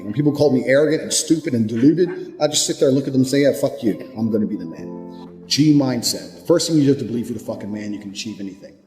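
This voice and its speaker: A man of middling pitch delivers a motivational speech in a blunt, profane way, driving home every point with hard conviction. His voice rings out with a long hall reverb, and faint music plays beneath it. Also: mellow. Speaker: motivational speaker.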